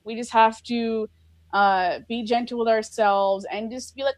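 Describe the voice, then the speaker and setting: A woman's voice: fairly high pitch, steady tone, a little slow, dry recording. A woman speaking as a guest on a podcast, in an earnest, reflective casual conversation full of filler likes. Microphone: recorded over a live video call.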